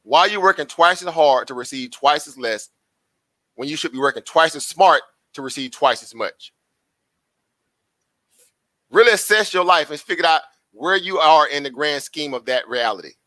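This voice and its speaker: A man's voice: on the high side, expressive, normal speed, pauses often, pushed and bright, no echo. A man hosting a live trading stream, chatty and repetitive, asking rhetorical questions and laughing often. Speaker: live-stream stock trader. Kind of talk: casual live-stream commentary.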